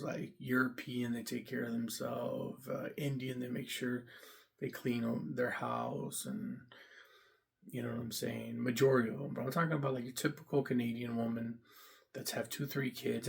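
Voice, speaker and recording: A man's voice: mid-range voice, creaky. A young man giving a blunt, profane, rambling casual rant about dating, full of fillers. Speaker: vlogger giving dating opinions. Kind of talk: casual ranting monologue.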